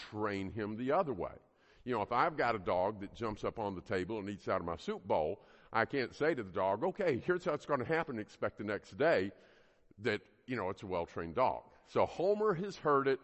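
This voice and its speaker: Guy teaching a parenting class, keeps asking the room questions, lively pitch, big echoey hall. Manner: earnest, emphatic, asks the audience questions. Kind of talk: teaching a class to a live group. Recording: long hall reverb.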